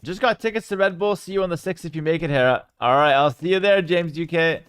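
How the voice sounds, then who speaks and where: A young man casting a strategy game live and chatting with his viewers, with sudden bursts of excitement. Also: on the high side, quick pace, clear, resonant tone, no echo. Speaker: game streamer and caster. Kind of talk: live game commentary with chat.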